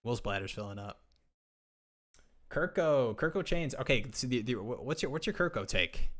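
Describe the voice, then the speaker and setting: A man's voice: mid-range voice, lively intonation, moderate pace, a bit bright. A man co-hosting a live fantasy football stream, joking and laughing at his own lines with rambling asides, recorded at a home setup on a desk mic. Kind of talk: casual live-stream chat.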